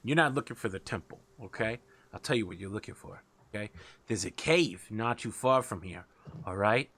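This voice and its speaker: A man's voice: lowish voice, lively intonation, moderate pace, fairly bright tone. A man playing a swaggering giant rat king. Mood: boastful. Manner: swaggering, brash, full of filler.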